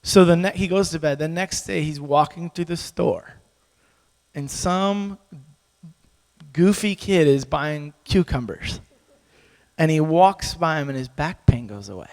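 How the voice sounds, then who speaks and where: A man preaching, telling a story with lively acted-out dialogue and frequent laughter. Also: fairly high pitch, unhurried. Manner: animated storyteller, acts out dialogue, laughs often. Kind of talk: sermon storytelling. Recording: echoey hall with long reverb.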